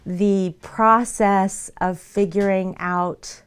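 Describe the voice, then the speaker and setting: An unhurried woman streamer talks through her painting at home in a mid-pitched voice. She rambles along, circling back with lots of "like" and "um". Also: steady tone, smooth. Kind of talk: casual chat. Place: at home with pets nearby.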